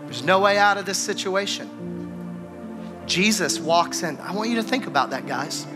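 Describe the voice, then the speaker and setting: High-voiced man preaching over music. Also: lively intonation, normal speed. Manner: conversational preaching, acts out scripture dialogue. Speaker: pastor. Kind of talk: sermon. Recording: music playing behind.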